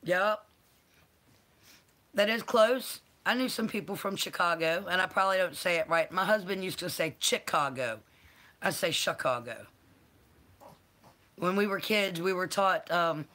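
Woman, unhurried, bright voice, affectionate live-stream host. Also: lowish voice. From North Carolina. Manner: affectionate, calls viewers honey and baby. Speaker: channel host. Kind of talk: live-stream chat, greeting viewers.

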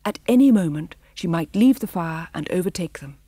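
Woman narrator, storybook audiobook, measured expressive reading, warm low voice, dry close sound. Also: dry recording.

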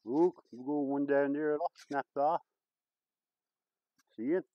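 A man vlogging outdoors in the woods, exclaiming excitedly and chatting to his viewers as he explores. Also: on the high side, slow pace, no room sound, highs cut off. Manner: excitable, lots of exclamations and chuckles. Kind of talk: casual vlog commentary.

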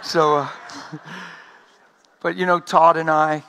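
Man, energetic sermon, high pitch, bright tone, laughs often. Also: takes it slowly, creaky, clear, resonant tone. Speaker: preacher.

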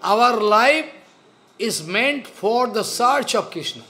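A man giving a spiritual sermon, slow and earnest, repeating his phrases. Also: very high-pitched, expressive, sharp tone. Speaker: spiritual teacher.

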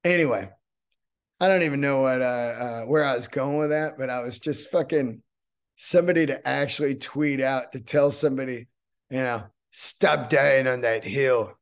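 A man's voice: medium pitch, normal speed. A man hosting a solo podcast, talking in a loose, rambling, profane monologue. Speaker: podcast host and comedian.

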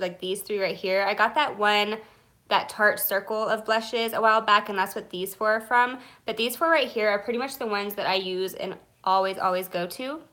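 A woman's voice: mid-range voice, bright, forceful tone. A young woman, chatting live about her favorite beauty products in a gushing, chatty way, a little nervous and stumbling now and then. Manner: gushing, chatty, many fillers; nervous, self-conscious. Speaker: beauty vlogger.

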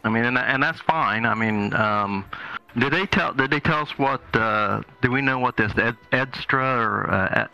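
A man's voice: mid-range voice, normal speed, gravelly, pushed and bright, clear, resonant tone, faint music behind, low-quality recording. A man playing a tabletop game, talking casually and stumbling over his words. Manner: hesitant, stumbling. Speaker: player.

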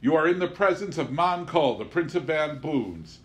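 A man's voice: a little high, expressive, moderate pace, pitched above the performer's own voice, natural voice. A man reading an audiobook, voicing a grandiose male showman in a pompous, theatrical manner.

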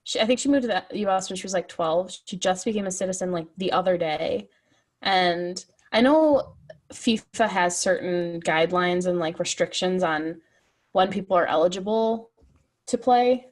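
A woman's voice: lowish voice, normal speed. A woman co-hosting a sports podcast, talking casually with lots of fillers. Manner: chatty, many fillers and likes. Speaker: podcast co-host. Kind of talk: casual chat.

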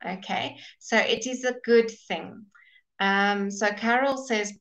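A woman teaching a live online English class, explaining slowly and patiently and sounding out of breath. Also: mid-range voice, a bit bright, rough recording. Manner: slow, explaining patiently, with fillers and restarts. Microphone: webcam or computer mic.

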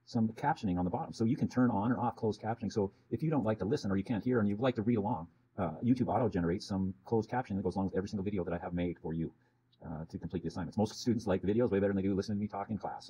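A man's voice: low-pitched, rapid-fire, warm tone, slightly rough. A man teacher explaining video features to students in a casual, chatty way, often checking in with "okay?". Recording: dull lo-fi sound with faint background noise.

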